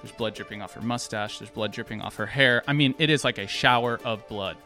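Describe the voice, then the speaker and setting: A young man telling a personal story to an audience, lively and acting out the people in it. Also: lowish voice, a little fast, soft background music. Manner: lively, acts out quoted voices. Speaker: speaker sharing a personal story.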